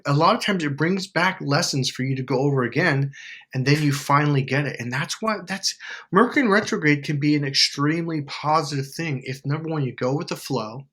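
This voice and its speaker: Animated man giving rambling advice. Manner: animated, acts out quotes with sudden pitch jumps; rambling, with many fillers and restarts. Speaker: self-help YouTuber. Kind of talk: casual advice to camera.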